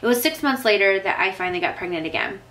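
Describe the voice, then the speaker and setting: A woman's voice: medium pitch, expressive, fast, a bit bright, poor audio. Tearful, chatty young woman vlogger. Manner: emotional, tearing up, filler-heavy. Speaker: vlogger answering viewer questions. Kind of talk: casual chat.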